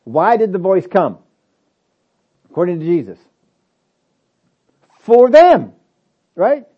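A man preaching a sermon with a somewhat high voice, hammering home his points before dropping into quiet asides. He keeps asking rhetorical questions. The recording is dull and lo-fi. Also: wildly swooping pitch, slow. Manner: emphatic, swings between loud stresses and low asides; asks many rhetorical questions. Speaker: pastor.

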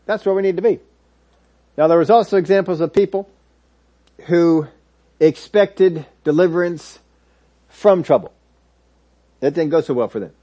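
A man's voice: fairly high pitch, moderate pace, long pauses, mellow. A man preaching a sermon, retelling Bible stories and voicing the people in them. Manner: storytelling, acts out biblical figures' words. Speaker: pastor. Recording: dull lo-fi audio.

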